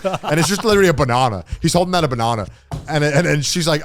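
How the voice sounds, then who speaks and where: A man's voice: on the high side, fast talker. A man co-hosting a podcast in casual chat, animatedly recounting scenes and quoting characters. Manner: animated storytelling, recounting scenes with quoted lines. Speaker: podcast co-host.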